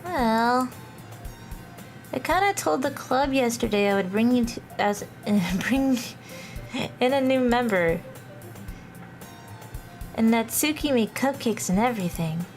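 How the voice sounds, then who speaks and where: Bubbly airheaded schoolgirl, a woman doing the voice for a visual novel read-aloud, high and slow, sweet and sing-songy. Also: animated, faint music behind. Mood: coaxing.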